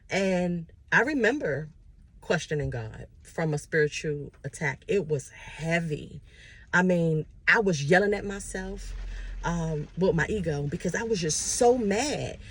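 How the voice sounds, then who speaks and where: A woman's voice: medium pitch, a little hiss or hum. A woman talking earnestly and casually about her faith, sharing personal testimony while driving her car. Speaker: spiritual vlogger. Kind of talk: casual motivational talk.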